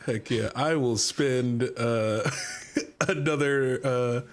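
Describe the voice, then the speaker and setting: A man playing in a tabletop game, relaxed and laughing as he talks through his turns. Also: medium pitch, takes it slowly. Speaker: player. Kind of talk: casual tabletop play.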